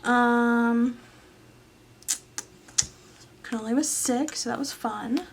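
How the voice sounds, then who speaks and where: A woman's voice: fairly high pitch, drawn-out words, gravelly, a little hiss or hum. A tired young woman casually rambling through her planner as a vlogger, with lots of fillers and some whispered asides. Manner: rambling, filler-heavy, often trails into whispers. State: tired, yawning late at night. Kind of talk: casual chatty voice-over. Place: home, late at night.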